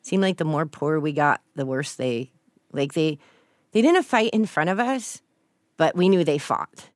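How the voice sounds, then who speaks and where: A woman's voice: deep voice, expressive, measured pace, no room sound, studio quality. A woman from Texas, speaking as an interview guest, telling her own story in a casual, candid way.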